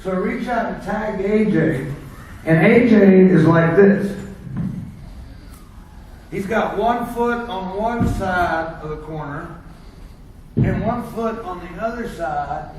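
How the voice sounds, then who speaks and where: A man's voice: sits high, slow pace, pauses often, a little mellow, a little hiss or hum. A man from the United States telling rambling wrestling road stories to a seminar audience, laughing at his own jokes. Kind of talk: casual storytelling to an audience. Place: seminar room. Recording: echoey room, mic far off.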